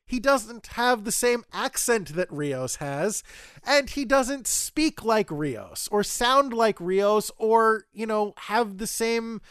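A man with a high, smooth and clear voice recaps an episode for his podcast. He sounds opinionated and critical, and he strings his retelling out in long, winding sentences. The recording is dry and close, with no room sound. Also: animated, slow, a bit bright, dry recording. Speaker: podcast co-host.

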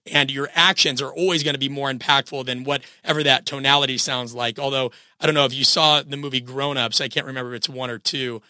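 A man's voice: medium pitch, fairly even intonation, quick pace, few pauses, pushed and bright, dry recording, clean studio sound. A man in his thirties, sick with a cold, hosting a solo podcast and coaching his listeners in an earnest, direct way.

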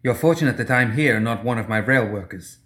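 A man reading the part of a ruthless female gang enforcer who speaks quietly, coldly and with firm determination. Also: mid-range voice, fast, lightly acted. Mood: cold menace.

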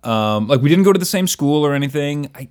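A man co-hosting a casual chat, talking loosely with lots of filler words and quick laughs. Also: on the high side, lively intonation, darkish tone. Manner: laughs often, many fillers and restarts. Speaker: podcast co-host.

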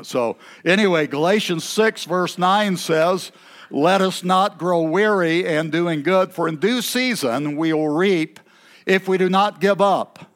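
A man preaching a sermon in a church, folksy and chatty, with asides and throat-clearing. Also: high-pitched, measured pace, fairly bright tone.

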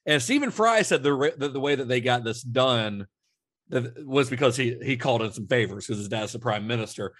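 A podcast co-host speaks a little fast in a mid-range male voice, on a dry recording of studio quality. He's relaxed and rambly while casually discussing film trivia, with lots of fillers and restarts.

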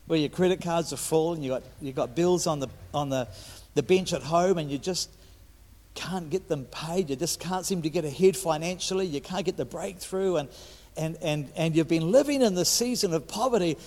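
A man in his fifties with a New Zealand accent, preaching a sermon as a guest speaker, stumbling over restarts and swinging between loud and hushed delivery. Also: fairly high pitch, normal speed. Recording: echoey hall.

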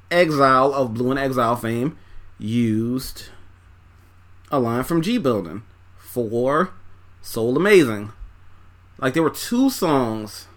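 A man talks through an album one song at a time, handing out scores in a relaxed, rambling way. His speech is loose and profane and full of fillers and restarts. He sounds like he is folding laundry as he goes. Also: mid-range voice. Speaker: music reviewer. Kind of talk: casual track-by-track album review.

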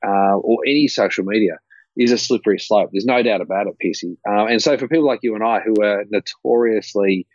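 A man's voice: lowish voice, fairly quick, darkish tone, no room sound. A man co-hosting a podcast, upbeat and encouraging, often repeating his phrases. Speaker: podcast co-host. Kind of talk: casual chat. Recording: dry, muffled mic.

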